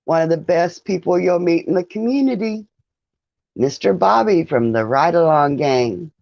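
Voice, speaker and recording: A woman's voice: on the low side, expressive, moderate pace, gravelly, a little mellow, dry recording, highs cut off. A woman hosting a casual livestream, chatting with viewers, greeting them by name and laughing often. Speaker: livestream host. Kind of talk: casual live-stream chat with viewers.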